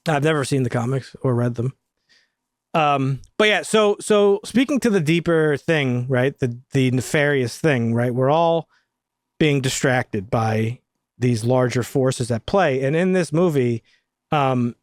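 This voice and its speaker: A man chatting casually on a film review podcast, swearing freely and getting animated when he tells stories. His voice sits in a middle pitch. The sound is dry and close, with no room echo. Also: a little slow. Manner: profane, animated storytelling. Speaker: podcast co-host.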